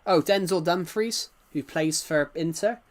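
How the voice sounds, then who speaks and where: A man's voice: a little high, a little slow. A man with an English-Welsh border accent, chatting casually on a livestream, rambling and answering viewers' comments.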